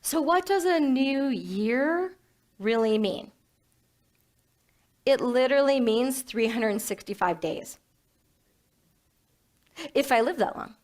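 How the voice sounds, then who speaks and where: A woman minister giving a sermon in a playful, animated way, with self-mocking humor. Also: high voice, slow, long pauses.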